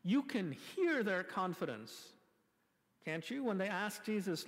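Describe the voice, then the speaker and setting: Male pastor, sermon delivery: expressive, wry, rhetorical, slightly high voice, church reverb. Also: a little slow. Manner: animated, rhetorical questions, wry asides. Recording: long reverb from a church hall.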